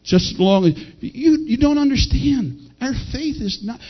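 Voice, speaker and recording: A middle-aged male pastor preaching a folksy, animated sermon that rises to shouted peaks. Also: very high-pitched, measured pace, hardly any pauses. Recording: dull lo-fi sound.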